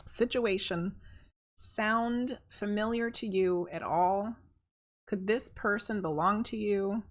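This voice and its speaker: This woman is a psychic medium doing a tarot reading on a live stream. She speaks slowly at a medium pitch, chatty and soft-spoken, reading out chat messages and thinking aloud as she goes.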